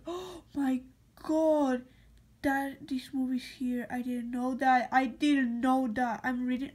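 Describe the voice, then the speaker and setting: A woman's voice: sits high, slight background noise. A young woman whose first language is Spanish, chatting casually to her vlog audience and repeating words as she thinks aloud. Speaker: vlogger.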